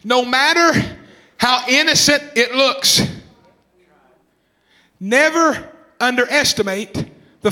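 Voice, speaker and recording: A man in his twenties preaching a fervent sermon, repeating phrases, shouting some lines and calling on listeners by name. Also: very high-pitched. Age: 20s. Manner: calls out congregation members by name.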